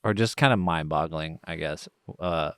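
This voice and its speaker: A man co-hosting a podcast who talks about a film in a slow, measured way, with many pauses. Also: extremely low pitch, a bit bright, clear, resonant tone, no echo, studio quality. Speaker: podcast co-host. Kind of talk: casual film discussion.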